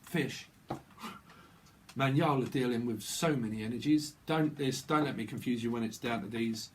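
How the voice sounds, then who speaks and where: At normal speed and a mid-range pitch, a man gives a rambling channeled tarot reading full of loose wordplay, laughing at his own jokes. Faint background noise is audible.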